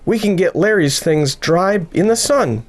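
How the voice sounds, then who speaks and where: A man voicing a gentle, sensible young girl in a storybook reading. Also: high voice, animated, measured pace, pitched above the performer's own voice. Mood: patient.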